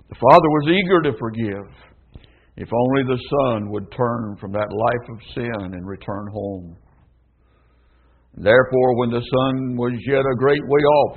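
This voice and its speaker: A man's voice: mid-range voice, slightly rough. A man preaching a sermon with impassioned, emphatic pleading that rises and falls. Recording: tinny phone-like sound.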